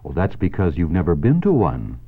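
A man's voice: sits low, huge pitch swings, fairly quick, slightly rough, exaggerated voice. A man reading aloud and voicing a knowing old sheep who coaxes and paints a tempting picture, over a tinny phone-like line. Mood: coaxing.

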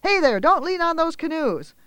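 A man voicing a bossy lifeguard who barks loud commands across a beach. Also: extremely high pitch, sing-song, moderate pace, no echo, pitched above the performer's own voice, full character voice. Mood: scolding. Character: bossy shouting lifeguard, young adult.

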